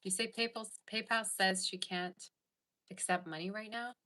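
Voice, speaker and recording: Bright-voiced woman chatting casually. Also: medium pitch, steady tone, normal speed. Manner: chatty, reads viewer comments aloud. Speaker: tarot reader and livestream host. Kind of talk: casual livestream chat.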